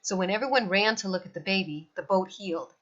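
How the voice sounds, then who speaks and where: A woman reading a children's novel aloud in an expressive storytelling voice, in a slightly dull recording. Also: medium pitch, quick pace.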